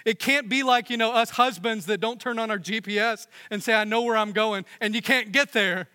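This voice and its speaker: Young male pastor, high bright voice, earnest sermon delivery, reverberant sanctuary. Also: a little fast, clean tone. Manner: earnest preaching, rising and dropping to hushed emphasis. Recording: long hall reverb.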